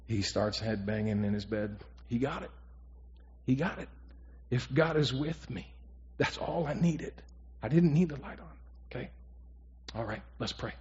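A man's voice: medium pitch, steady tone, moderate pace, a little mellow, dull audio. A man pastor leading a Bible study in an earnest, sermon-like way, repeating key phrases and checking in with his group. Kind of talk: sermon-style Bible teaching to a small group.

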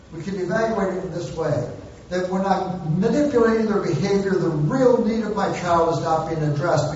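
A man with a fairly high voice preaches a sermon on parenting, now and then acting out parents and children for humor. The sound is dull and lo-fi, with heavy echo from a large church hall. He stands at some distance from the mic. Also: a little hiss or hum. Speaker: pastor.

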